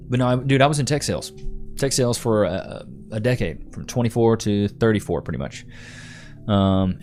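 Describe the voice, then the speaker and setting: A man's voice: lowish voice, darkish tone. A man in his thirties hosting a livestream, chatting casually with viewers and calling them bro and dude. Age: 30s. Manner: laid-back, slangy, calls viewers bro and dude. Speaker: livestream host. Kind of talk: casual livestream chat answering comments.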